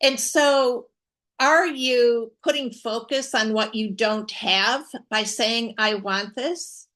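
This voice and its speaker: A woman co-hosts a live spiritual talk show. She teaches slowly and earnestly, leaning on repeated words for emphasis. Her voice sits a little high. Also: fairly bright tone. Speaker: co-host.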